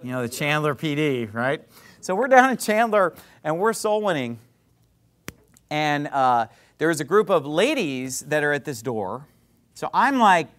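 Animated, sarcastic high-voiced male preacher. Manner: emphatic, repeats words. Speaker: pastor. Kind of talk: sermon with storytelling.

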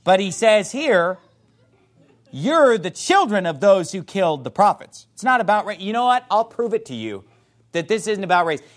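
A man's voice: high-pitched, big pitch swings, moderate pace. A man preaching a sermon as a pastor, fiery and emphatic, reading scripture aloud in old-fashioned wording.

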